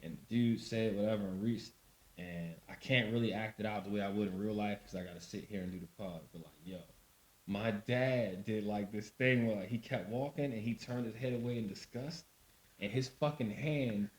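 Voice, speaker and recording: A man co-hosting a casual podcast chat, telling stories and acting out what people said. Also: normal speed. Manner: animated storyteller, acts out voices with big pitch jumps. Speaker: podcast co-host. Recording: roomy echo.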